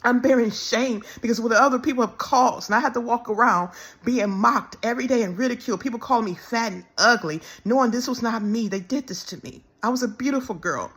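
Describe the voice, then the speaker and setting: A woman speaking in an emotional personal monologue, halting and repeating words, close to tears as she pleads. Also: fairly high pitch, fairly bright tone. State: tearful, close to crying. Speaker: self-described minister.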